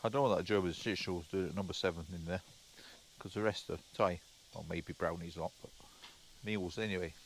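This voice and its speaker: A man's voice: deep voice, creaky, a little hiss or hum. A man, a travel vlogger, chatting casually as he walks around a roadside café. He rambles, stumbles and repeats words. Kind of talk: casual walkaround narration. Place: roadside café, partly outdoors.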